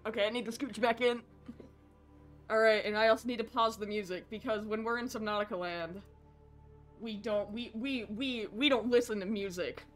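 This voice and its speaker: An American woman streaming a video game with casual, excitable and profane commentary that often rambles. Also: on the high side, normal speed, soft background music.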